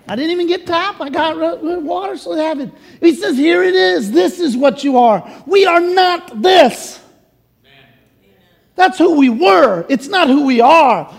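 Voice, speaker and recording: A man preaching a sermon in a church, emphatic, swinging from loud to hushed. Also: very high-pitched, gravelly, long reverb tail. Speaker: pastor. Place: church sanctuary.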